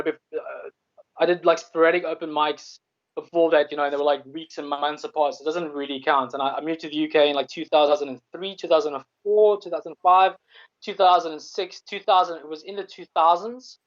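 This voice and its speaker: A man's voice: a little high, dull audio. A South African man, a comedian guest, chatting casually and rambling with many restarts and the odd swear word. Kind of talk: casual chat.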